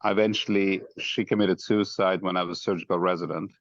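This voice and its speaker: Deep-voiced man on dull, dry audio. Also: fairly even intonation, fairly quick, no room sound. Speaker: physician guest. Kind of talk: interview answers.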